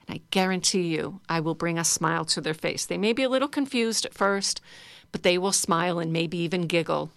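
A woman's voice: fairly low pitch, brisk, gravelly, fairly bright tone, no echo, clean studio sound. A woman leading a guided laughter exercise for a group, coaxing and playful. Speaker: laughter yoga leader.

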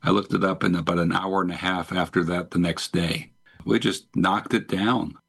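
A man with a very deep, gravelly voice recalls a studio session in a relaxed, anecdotal way. His tone is husky. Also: moderate pace. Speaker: musician. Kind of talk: casual interview.

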